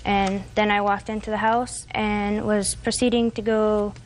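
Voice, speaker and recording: A woman's voice: medium pitch, level tone, measured pace, a little hiss or hum. A woman in her twenties testifying as a defendant in a TV courtroom, telling a long, hesitant, rambling account. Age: 20s.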